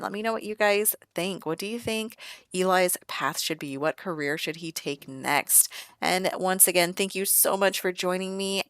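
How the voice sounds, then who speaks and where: A woman's voice: lowish voice, fairly bright tone, no echo, studio quality. A woman hosting her gaming channel, chatting and giggling through casual gameplay commentary.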